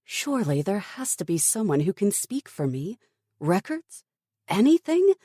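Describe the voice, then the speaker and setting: Woman doing a desperate lady scientist, insistent, voice swings all over, husky and mellow. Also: medium pitch, big pitch swings, unhurried, no echo, studio quality, voice pushed up. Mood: pleading. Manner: insistent, pleading, rising to anger. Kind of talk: audiobook character voice.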